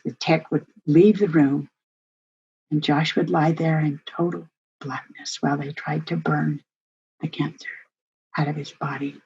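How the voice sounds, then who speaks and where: An older woman telling a family story with earnest feeling. Her voice is low and very husky, with a breathy grain. The recording sounds dull and lo-fi. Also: darkish tone. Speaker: family workshop presenter. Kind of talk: personal storytelling talk.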